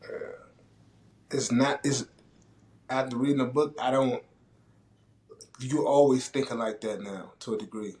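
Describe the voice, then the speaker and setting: A man co-hosting a casual talk show, telling a story in a relaxed, conversational way. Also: medium pitch, unhurried, long pauses, echoey room. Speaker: podcast co-host.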